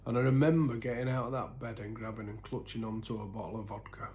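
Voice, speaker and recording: A man telling his own story in an earnest, halting way, full of restarts, and sometimes sinking to a near-whisper. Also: lowish voice, fairly even intonation, slight background noise. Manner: sinks to a soft, breathy near-whisper at painful moments. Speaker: recovery vlogger. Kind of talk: personal confessional storytelling.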